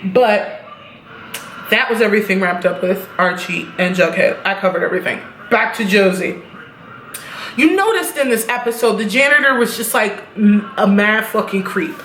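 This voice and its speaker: A woman recapping a TV episode in a loose, chatty way, blunt and quick to swear. Her voice sits at an ordinary middle pitch. It bounces around a roomy space, with a faint hiss of noise underneath. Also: a bit bright. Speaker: TV episode reviewer.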